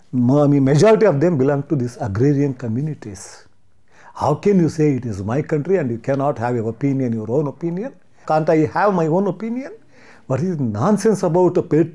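A man's voice: fairly high pitch, warm tone. A man with an Indian English accent, giving an impassioned monologue full of indignant rhetorical questions and hesitant restarts. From Karnataka, India. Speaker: commentator.

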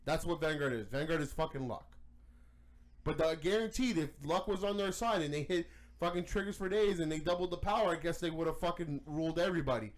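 A man on a podcast mic, his voice sitting a little high, venting in a heated, profane rant. He stumbles over his words and restarts, then pushes on even harder. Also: brisk. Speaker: podcast co-host.

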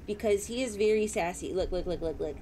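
A young adult woman streaming a game, chatting playfully with viewers, giggling and squealing as her pitch swoops up and down. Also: a little fast, warm tone, slight background noise. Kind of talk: casual live-stream game commentary.

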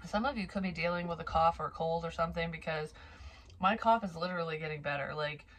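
A woman's voice: deep voice, fast talker, fairly bright tone. A young adult woman giving a psychic reading in a loose, rambling and profane way, with an occasional cough. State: occasional cough, slightly wheezy. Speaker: psychic reader. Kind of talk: tarot reading monologue.

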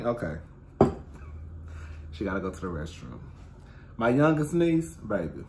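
A man in his thirties telling casual stories straight to his viewers in a sassy, expressive way, calling them "girl" and "honey" and swearing freely. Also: mid-range voice, a little slow, gravelly, pauses often, slight background noise. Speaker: host of his own talk stream.

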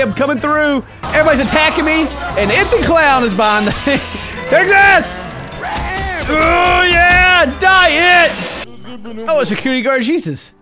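Excitable male gaming host with a bright, high voice, game music playing clearly behind him. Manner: excitable, yells at enemies, laughs often. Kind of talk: let's play commentary.

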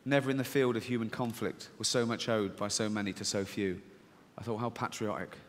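A man's voice: fairly low pitch, steady tone, a little fast. A man performing stand-up comedy, sardonic and mocking, acting out little scenes. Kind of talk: stand-up routine. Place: large venue with audience. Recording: live hall recording with reverb.

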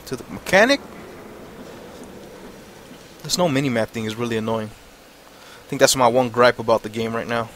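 A man's voice: medium pitch, moderate pace, pauses often, fairly bright tone, a little hiss or hum. A man giving casual, frustrated commentary over his gameplay, swearing and thinking aloud. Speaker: let's play gamer.

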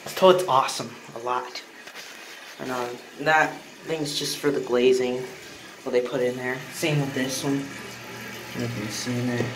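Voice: mid-range voice, steady tone, normal speed, noisy background. A channel host giving a rambling, easily amused show-and-tell of a toilet, filmed on a phone in a bathroom. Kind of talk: casual show-and-tell vlog. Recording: echoey room with running water.

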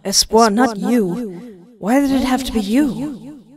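A woman voicing a lonely male ghost in a game, speaking slowly and regretfully. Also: extremely high pitch, a crowd in the background. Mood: sorrowful. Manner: slow and regretful.

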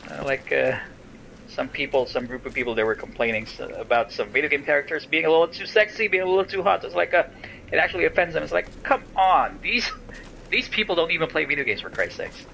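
A young man hosting a let's play, joking and breaking into loud exclamations as he plays. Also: fairly high pitch, quick pace, vocal fry, a little hiss or hum. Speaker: gaming channel host. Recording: game music playing behind.

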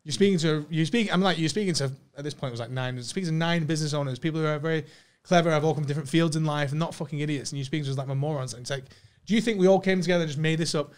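A man's voice: on the high side, smooth. A man, a former reality show contestant, telling a story at speed in casual podcast chat, swearing freely. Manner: fast, animated storytelling with lots of swearing.

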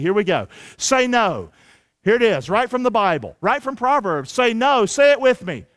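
A man preaching a sermon as pastor, energetic and colloquial, calling on the congregation to repeat lines after him. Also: very high-pitched, smooth. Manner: colloquial, drops into folksy slang. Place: church sanctuary.

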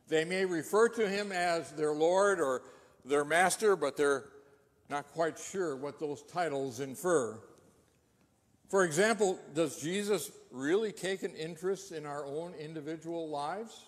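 Pastor guy preaching, kinda high voice, earnest questions, long church echo. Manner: earnest storytelling with rhetorical questions. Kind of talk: sermon. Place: church sanctuary. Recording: long reverb of a church hall.

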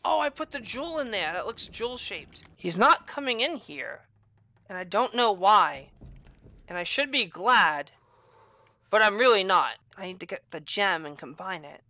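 A woman doing let's-play commentary on a horror game, excitable and profane, swinging between groans and shrieks. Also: mid-range voice, normal speed, dry recording. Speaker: game streamer.

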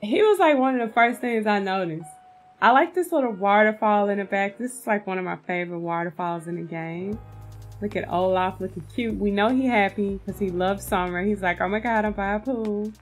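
A woman's voice: mid-range voice, fairly quick, soft background music. A woman giving casual, gushing commentary on a video game, chatting to her viewers and calling them "y'all". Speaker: game content creator.

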